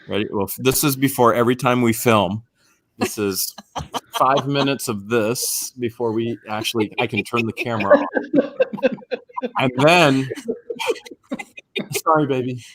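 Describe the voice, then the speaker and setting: A man co-hosting a casual live-stream chat, animated and prone to loud mocking impressions. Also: mid-range voice, a little slow, pauses often. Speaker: show co-host.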